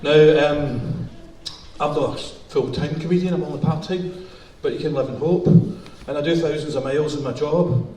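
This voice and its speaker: A middle-aged Glaswegian man tells crude stand-up stories in a mellow, relaxed voice. He sits back from the microphone, and his words ring around a roomy hall with a faint hiss underneath. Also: a little high, moderate pace, recorded from a distance. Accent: Glaswegian Scottish. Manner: bawdy, swearing, conversational. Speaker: stand-up comedian. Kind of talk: stand-up comedy storytelling. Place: music hall.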